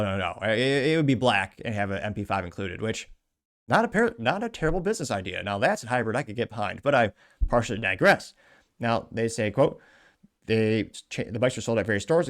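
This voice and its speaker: Wry male commentary host. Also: medium pitch. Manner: wry, sarcastic asides. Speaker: show host. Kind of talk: commentary reading social media posts.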